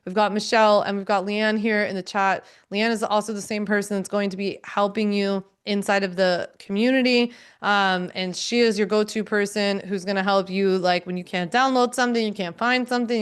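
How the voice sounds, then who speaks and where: A chatty, upbeat woman in her thirties hosts a live online stream and talks casually to her viewers. Her voice is smooth and clear, sitting at a middle pitch. She talks loosely, with lots of fillers. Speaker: host of a live online training.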